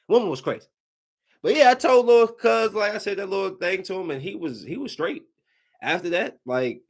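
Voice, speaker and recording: Animated male podcast host. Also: mid-range voice. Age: 30s. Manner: animated, acts out voices in anecdotes. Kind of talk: casual storytelling.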